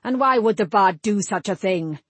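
A woman's voice: medium pitch, expressive, normal speed, fairly bright tone, no echo. A woman voicing a male lord who gives orders in a stern, snapping manner. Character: angry commanding male lord.

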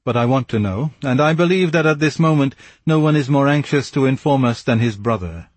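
A man's voice: mid-range voice, animated, dry recording, pitched above the performer's own voice, close to an everyday voice. A man reading as a smug police commissary. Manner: brisk, pointed questioning. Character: smug self-satisfied male police commissary.

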